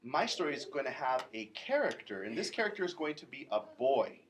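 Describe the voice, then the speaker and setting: Low-voiced woman teaching young children. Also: big pitch swings, fairly quick. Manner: encouraging, prompting children with questions. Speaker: second grade teacher. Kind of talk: classroom vocabulary lesson. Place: classroom with children. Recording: noisy classroom full of children. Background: children chattering.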